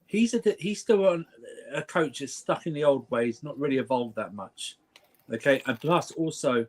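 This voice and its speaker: A man on a casual football stream panel, arguing emphatically and repeating himself in exasperation. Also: mid-range voice. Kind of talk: heated casual football banter.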